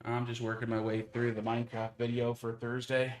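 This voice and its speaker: A man's voice: medium pitch, monotone, fairly quick. Easygoing man reading chat aloud. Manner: relays viewer comments and offers tips. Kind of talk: casual gameplay chat.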